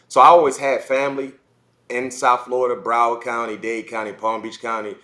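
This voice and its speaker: Man, forties, from South Carolina, podcast guest, lively storyteller, repeats himself, mid-pitched voice. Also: a little fast. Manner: animated, repeats words, acts out kids' voices. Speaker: former football player guest.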